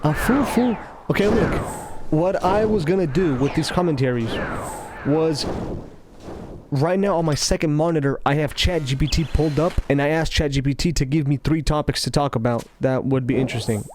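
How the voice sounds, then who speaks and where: Laid-back rambling man, slightly high. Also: background noise. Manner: rambling, self-interrupting, mumbles; slow, laid-back delivery. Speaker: gaming commentator. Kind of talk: casual gameplay commentary.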